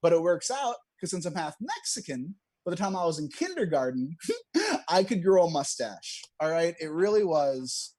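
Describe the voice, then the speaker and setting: A young man's stand-up set comes over a video call from home, streamed online, full of self-deprecating jokes he laughs at himself. He speaks at a normal speed with a fairly high, sing-song, darkish voice, and there is no room sound.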